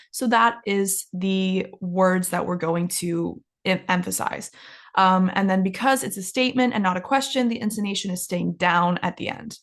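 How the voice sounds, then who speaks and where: A young woman teaching an English lesson, who says each travel phrase slowly and clearly for learners to repeat, in a casual, encouraging way. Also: medium pitch. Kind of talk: English lesson with shadowing drills.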